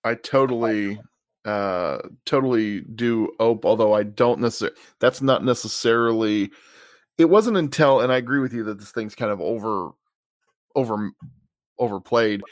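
A man's voice: fairly low pitch, moderate pace, no echo, studio quality. A man co-hosting a casual sports podcast, speaking tentatively and trailing off and restarting his sentences. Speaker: podcast co-host.

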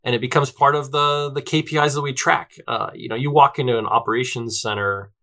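A man's voice: mid-range voice, fairly even intonation, a little fast, bright, forceful tone. A man talking as an interview guest, chatty and loose, tagging his points with "right?" and plenty of fillers. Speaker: guest, tech company representative. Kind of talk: conversational interview answers.

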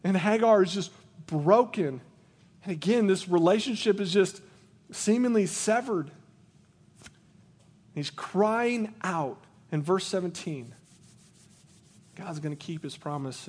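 A man's voice: on the high side, darkish tone. A man preaching a sermon as pastor, reading scripture and speaking earnestly, at times with rising passion.

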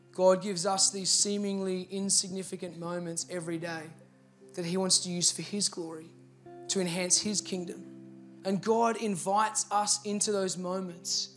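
A pastor from Victoria, Australia, with a high-pitched, slightly bright voice and an Australian accent, tells a personal story in his sermon. He builds toward earnest, emphatic appeals.

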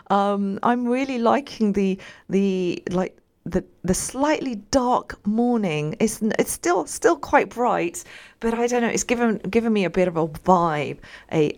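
A woman's voice: medium pitch, darkish tone. Chatty woman hosting radio. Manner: chatty, meandering, asks listeners questions. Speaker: radio show host. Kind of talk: casual radio chat.

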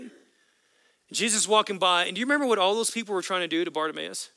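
Man, pastor, sermon, high bright voice, impassioned, repeating phrases. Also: a little fast, no room sound. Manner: impassioned, repetitive preaching cadence.

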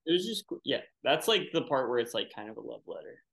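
A man co-hosting a casual film podcast, laid-back and often trailing off into soft asides. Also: medium pitch, very animated, brisk, gravelly. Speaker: podcast co-host.

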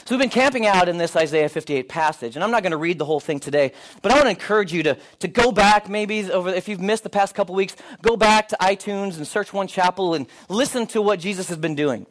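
Animated high-voiced male pastor. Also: quick pace, few pauses. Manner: animated storyteller, acts out dialogue with rising pitch. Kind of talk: sermon with storytelling.

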